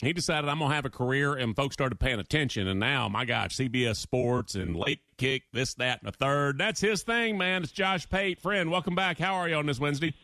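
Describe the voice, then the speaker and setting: A man's voice: a little fast, hardly any pauses, no room sound. A man hosting a sports talk radio show, talking emphatically. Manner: animated, emphatic, shifts pitch a lot.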